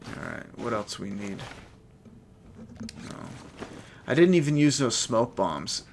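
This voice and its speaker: A man's voice: medium pitch, lively intonation, slow, gravelly, background noise. A man with a stuffed-up nose giving chatty, profane, laid-back commentary while playing a game. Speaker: gameplay streamer. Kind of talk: casual gameplay commentary.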